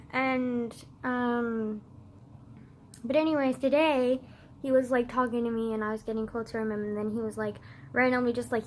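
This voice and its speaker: A teenage girl telling a story in a casual rant, peppered with "like" and swearing, dropping to low mutters and then flaring up loud. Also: steady tone, a little slow, pauses often, slight background noise. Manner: swearing, frequent "like" fillers, swings from low mutters to loud outbursts. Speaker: vlogger.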